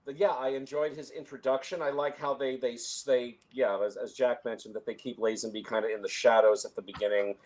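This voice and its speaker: A man's voice: mid-range voice, flat delivery, a little fast, hardly any pauses, a little mellow. A man in a casual film discussion, talking at length with frequent restarts and chuckles. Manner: rambling, many restarts, chuckles. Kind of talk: casual conversation.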